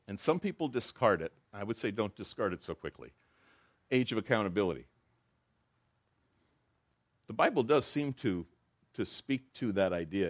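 A man's voice: on the low side, no room sound, studio quality. A man giving informal, conversational Bible teaching, telling jokes along the way. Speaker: preacher.

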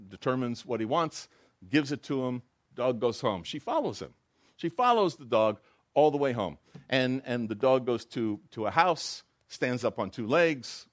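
A man's voice: mid-range voice, no echo, clean studio sound. A man giving informal, conversational Bible teaching, telling jokes along the way. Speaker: preacher.

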